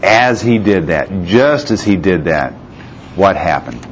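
A man's voice: sits low, animated, takes it slowly. A man preaching a sermon who reads scripture passages aloud and puts rhetorical questions to his listeners. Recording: slightly muffled with faint background hiss.

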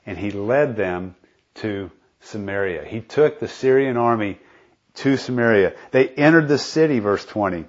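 A man's voice: on the low side, normal speed. A man teaching a Bible study, reading scripture aloud and explaining it in a casual, conversational way. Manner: frequent fillers and restarts, conversational. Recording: dull lo-fi recording.

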